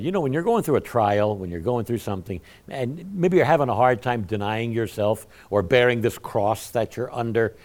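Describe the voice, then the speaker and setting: A man preaching a sermon in a folksy, conversational way, often swinging from quiet asides to loud emphatic lines. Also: medium pitch.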